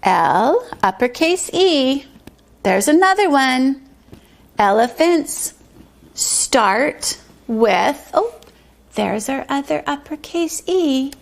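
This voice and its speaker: A woman teaching a pre-kindergarten circle lesson, speaking slowly and drawing out words in a sing-song way for small children. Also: sits high, very animated, gravelly. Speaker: preschool teacher.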